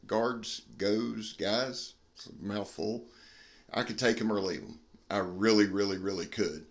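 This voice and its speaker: Guy doing a knife review, low-ish voice, blunt and folksy, kinda echoey sound. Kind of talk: casual product review.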